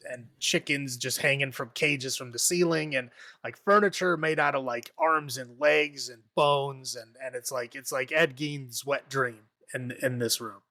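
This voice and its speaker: A man's voice: medium pitch, a little slow, pushed and bright, dry recording. A man casually recapping a horror movie on a podcast, rambling, laughing often and acting out the characters' lines. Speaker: podcast co-host.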